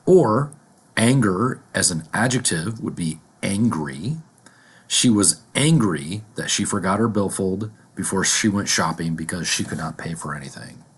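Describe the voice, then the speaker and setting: A man teaching a vocabulary lesson, deliberately repeating each word and its examples. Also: sits low, husky.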